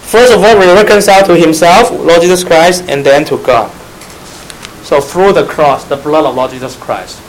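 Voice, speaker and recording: A man with a Chinese accent, Mandarin his first tongue, preaches a Bible study sermon in emphatic, earnest English. His voice sits a little high for a man, and he speaks directly to his listeners. A faint hiss runs under the recording. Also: normal speed, rough recording.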